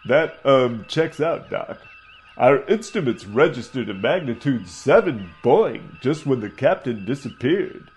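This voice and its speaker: Man doing a deadpan, wry helmsman. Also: medium pitch, unhurried. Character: dry, sarcastic male helmsman.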